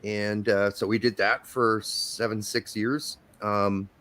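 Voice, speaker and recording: This podcast host speaks slowly in a fairly low, somewhat bright voice with little pitch movement. He's at home in Indiana on a video call for a laid-back live-stream chat, laughing readily and rambling with fillers.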